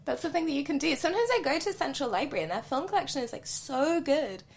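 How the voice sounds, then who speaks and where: A woman's voice: high voice, lively intonation, fast talker, gravelly. A woman co-hosting a podcast, chatting casually and laughing often, with a lot of "like" and "um". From not from the UK. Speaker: podcast co-host. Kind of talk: casual chat.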